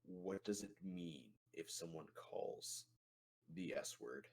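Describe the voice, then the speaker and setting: A man playing a tabletop game, speaking in a deliberate, low-key way. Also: slightly rough. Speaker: player. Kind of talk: tabletop role-play in character.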